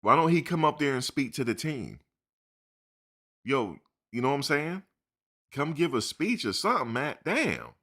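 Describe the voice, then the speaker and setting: A man's voice: medium pitch, sing-song, moderate pace, pauses often, fairly bright tone. A man hosting a live chat, talking loosely and animatedly, full of slang and "dude". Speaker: live stream host. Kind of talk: casual live chat commentary.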